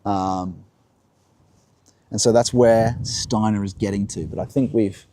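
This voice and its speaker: A man's voice: lowish voice, steady tone, a little slow, mellow, slight background noise. Reflective man musing on a walk. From Australia. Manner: musing, reflective, answers his own questions. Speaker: host. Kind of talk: live-streamed walking talk. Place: outdoors by the coast.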